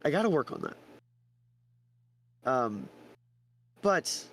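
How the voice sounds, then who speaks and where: A man's voice: medium pitch, wildly swooping pitch, very slow, fairly bright tone, heavily acted. A man voicing a boastful, fake-charming male lord with a grandiose, theatrical way of talking. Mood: smarmy charm.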